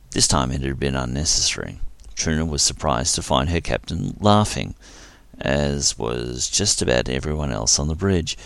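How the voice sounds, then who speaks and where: Very deep, gravelly male narrator. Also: fairly bright tone, no echo. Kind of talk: reading fan fiction aloud.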